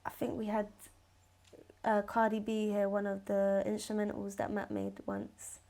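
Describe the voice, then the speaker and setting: A woman's voice: medium pitch, little pitch movement, a little slow, mellow. A young woman, chatting casually as a podcast guest, swearing freely and full of slang and fillers. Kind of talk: casual chat.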